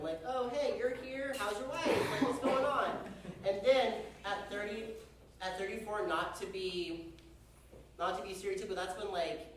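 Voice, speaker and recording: A man's voice: sits high, fairly bright tone, a little hiss or hum. A young man conducting a band rehearsal, chatty and joking as he gives instructions. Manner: chatty, joking, uses y'all. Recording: very echoey hall from far off.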